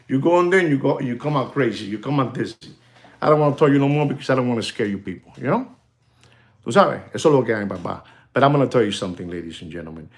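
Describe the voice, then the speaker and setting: Male livestream host, gravelly voice, animated and conspiratorial, mid pitch. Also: fast. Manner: animated, repetitive, switching into Spanish; conspiratorial, addresses viewers directly. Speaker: live stream host. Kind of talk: casual livestream monologue.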